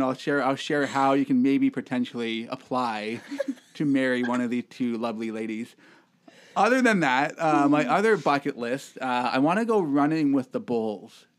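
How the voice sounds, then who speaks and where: A man from Toronto, a podcast guest chatting casually and joking about himself. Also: medium pitch. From Toronto, Canada. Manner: joking, self-deprecating, laughs often. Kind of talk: casual chat.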